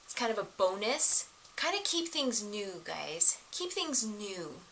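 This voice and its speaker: A middle-aged woman giving casual relationship advice to the camera, animated and laughing often as she acts out the voices of others. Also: medium pitch, slow, a little hiss or hum, poor audio.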